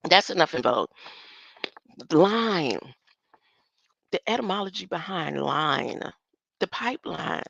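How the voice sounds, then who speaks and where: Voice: medium pitch, expressive, slow pace, vocal fry, pauses often, fairly bright tone, a little hiss or hum. A vlogger talking in a rambling casual monologue, musing and drifting from topic to topic and chuckling often. The sound is dull and lo-fi.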